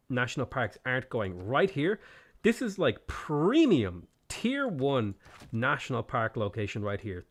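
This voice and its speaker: A man's voice: mid-range voice, fairly bright tone. A man streaming a strategy game, thinking aloud about his moves, thanking viewers and laughing often. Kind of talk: casual live-stream commentary.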